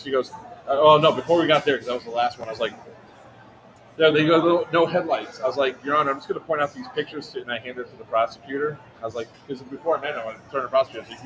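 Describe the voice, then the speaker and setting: A man casually telling a long, profane story, quick and animated. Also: mid-range voice. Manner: fast, animated, swearing anecdote teller. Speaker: livestream co-host. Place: outdoor airsoft event. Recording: noisy event ambience.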